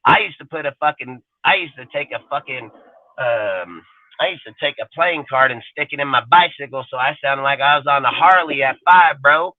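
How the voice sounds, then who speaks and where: A man's voice: medium pitch, normal speed, dry recording, phone-quality sound. A man hosting a live fan show, ranting aggressively in casual talk and swearing constantly. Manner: aggressive, heavy swearing, mimics people mockingly. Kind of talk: profane casual rant.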